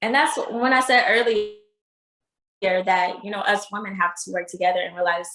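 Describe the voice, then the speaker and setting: A woman's voice: mid-range voice, steady tone, normal speed, fairly bright tone. A woman guesting on a casual podcast, speaking earnestly and encouragingly with frequent "you know" fillers. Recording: roomy echo.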